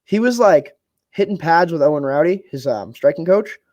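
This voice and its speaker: A man's voice: a little high, lively intonation, normal speed, darkish tone, no echo, lo-fi sound. A young man co-hosting a casual podcast, chatting loosely about fights in a rambling, offhand way and swearing now and then. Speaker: podcast co-host. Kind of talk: casual fight-talk chat.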